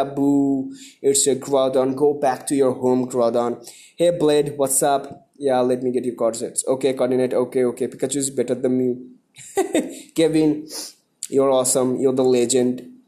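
A young man from India hosting a live stream, greeting viewers by name and repeating himself excitedly. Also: medium pitch.

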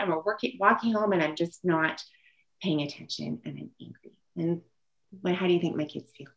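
A woman's voice: deep voice, moderate pace, a bit bright, poor audio. A woman presenting an online parenting workshop, telling a story from her own family and acting out what she says to her children.

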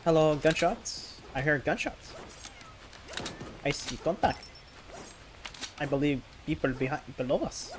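A woman's voice: sits low, lively intonation, a little slow, pauses often, noisy background. A woman streaming a game, giggly and hyper, chatting playfully with her teammates. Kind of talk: casual gaming stream chat.

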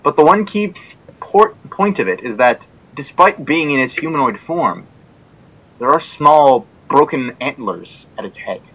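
A man's voice: a little slow, slightly rough, rough recording. An Australian man running a tabletop game as dungeon master, narrating scenes vividly over an online call. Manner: vivid descriptive narration, lively pitch.

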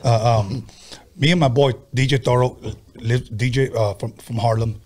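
A man's voice: mid-range voice, steady tone, normal speed, a little mellow. A man hosting a podcast, telling casual, profane stories in a laid-back way. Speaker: podcast host. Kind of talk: casual storytelling chat.

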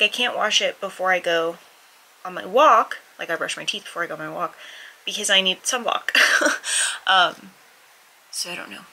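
A woman chats to her vlog audience from home, a little out of breath. Her voice sits on the low side but sounds bright and forward. She rambles and circles back with lots of fillers and restarts. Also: slight background noise, rough recording. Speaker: book vlogger. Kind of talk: casual vlog chat.

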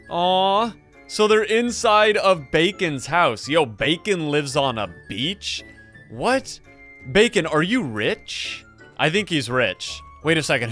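A young man giving excitable, jokey commentary while playing and narrating a game. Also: on the high side. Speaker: gaming YouTuber. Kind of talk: Let's Play commentary. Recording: faint music behind.

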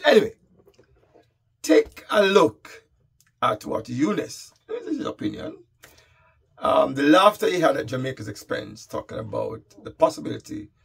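A man hosting a casual football commentary monologue, wry and animated. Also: mid-range voice, gravelly, husky. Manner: wry, animated, reads out lists.

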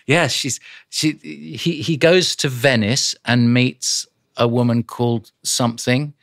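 A man, an audiobook narrator and voice actor, chatting as a guest in a studio interview and telling animated stories with quick character voices. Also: medium pitch, creaky, no room sound. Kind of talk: casual studio interview chat. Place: podcast studio. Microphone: studio microphone.

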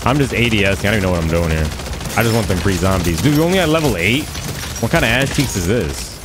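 A man's voice: fairly low pitch, lively intonation, fast, noisy background. A man giving playful, casual commentary while playing a game, now and then chanting lines over and over. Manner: playful, sings along and repeats chants. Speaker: gaming streamer. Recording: game gunfire behind voice.

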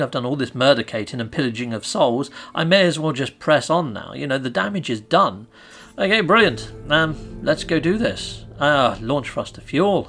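Chatty british guy narrating his game, bouncy lively voice, bit gravelly. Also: a little high. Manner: excitable and chatty, cheering himself on. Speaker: gaming channel host. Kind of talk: gameplay commentary.

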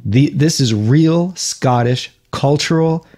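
A man co-hosting a comedy podcast, talking in a deadpan, overly earnest, mock-defensive way into a studio microphone. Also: fairly high pitch, slow, a little hiss or hum. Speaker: podcast co-host.

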